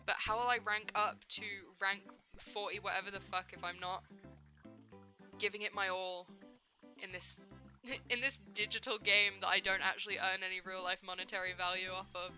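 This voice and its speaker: A young adult woman streaming a game, chatting casually and ranting in an animated, profane, self-mocking way. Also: mid-range voice, normal speed, faint music behind. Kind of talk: casual gameplay commentary.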